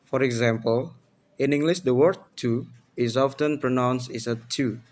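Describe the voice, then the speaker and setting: A young man from Indonesia, presenting a pronunciation lesson as a student in a slow, deliberate way. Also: medium pitch, darkish tone. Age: young adult.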